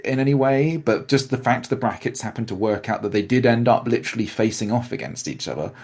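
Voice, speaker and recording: A man's voice: medium pitch, fairly quick, darkish tone. A man co-hosting a podcast, chatting enthusiastically about a role-play event with many restarts. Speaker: podcast co-host. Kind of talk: casual recap chat.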